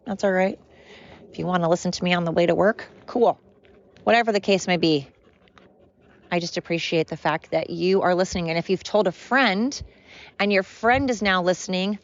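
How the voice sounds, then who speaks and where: A woman's voice: lowish voice, a little fast, lo-fi sound. A woman hosting her own podcast, rambling earnestly and repeating herself. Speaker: podcast host. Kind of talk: casual solo podcast rambling.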